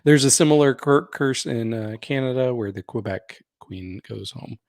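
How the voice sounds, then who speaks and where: A man's voice: mid-range voice, normal speed, gravelly, a little mellow, no room sound, studio quality. A man co-hosting a podcast, talking conversationally about a reality show with hedging fillers and laughs. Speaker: podcast co-host. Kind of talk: casual reality-TV recap chat.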